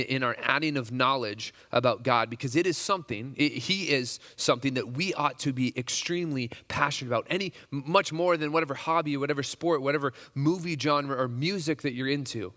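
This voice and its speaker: A male pastor speaks to a roomful of men with a bright, forceful voice and a loose, conversational delivery, stumbling through restarts and fillers as he warms up. His voice carries a long reverb from the large hall. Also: mid-range voice, a little fast. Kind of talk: casual sermon.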